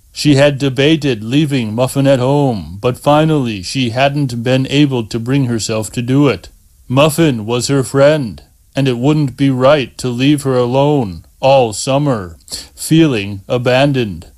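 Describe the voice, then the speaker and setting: Slow, measured male audiobook narrator. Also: mid-range voice, darkish tone.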